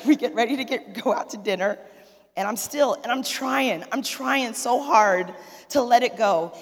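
A woman in her forties, a pastor's wife, telling a funny story to a church audience in an animated way, laughing and acting out the dialogue. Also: fairly high pitch, slightly rough, long reverb tail. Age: 40s. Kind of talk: humorous storytelling testimony.

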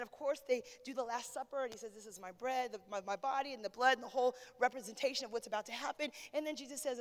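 Woman pastor, sermon, high voice, long hall reverb, calls out to the congregation. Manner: preaching, swings from hushed storytelling to shouted praise.

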